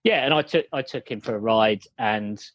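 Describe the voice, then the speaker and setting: A man's voice: fairly low pitch, normal speed, fairly bright tone, no echo, dull audio. A man telling a story over a call, rambling with many fillers and restarts. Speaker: guest, company founder. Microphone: video call.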